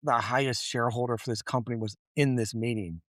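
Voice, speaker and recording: Man, podcast co-host, casual chat, animated storyteller, curses freely, dry close sound. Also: mid-range voice, fast, dry recording. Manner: animated storyteller, swears freely, acts out quotes.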